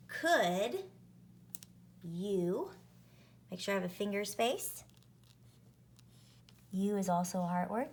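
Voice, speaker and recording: A woman teacher leading an early-reading spelling lesson, sounding out words and letters deliberately. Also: medium pitch, animated.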